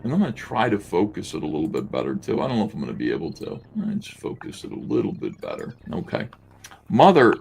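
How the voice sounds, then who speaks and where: A podcast co-host with a low voice and vocal fry pages through a comic and sketches at his desk, talking casually and mockingly. He laughs often and swears, and there's a little hiss or hum in the recording.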